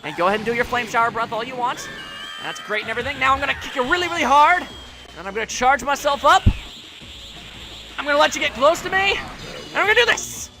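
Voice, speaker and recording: High-voiced, jokey gaming host. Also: male voice, expressive, fast, long pauses. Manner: jokey, goofy, taunts the enemy. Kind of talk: let's play commentary. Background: faint game music.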